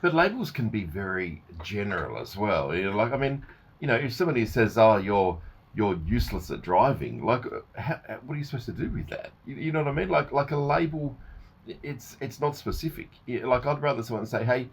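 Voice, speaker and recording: Husky, lively male radio co-host. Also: medium pitch, quick pace. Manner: lively, acts out arguments with his wife. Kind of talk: casual radio chat.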